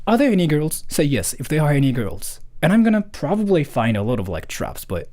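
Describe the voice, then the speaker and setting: A man's voice: a little high, brisk. A man streaming live, chatting casually with viewers and reading donations in a rambling way with lots of fillers. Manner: animated, rambling with many fillers. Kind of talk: casual livestream chat.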